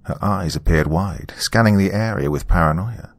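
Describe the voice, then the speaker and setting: A man reading a first-person horror story in a measured, hushed storytelling manner. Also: sits low, no echo. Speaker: narrator. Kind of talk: scripted horror narration.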